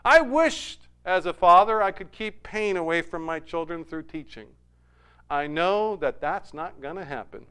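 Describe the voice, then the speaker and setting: A middle-aged man preaching a sermon in a smooth, resonant voice that sits fairly high for a man. He tells a family story and builds to emphatic, climbing peaks. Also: animated, measured pace, pushed and bright. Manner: storytelling, rising to emphatic heights. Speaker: pastor.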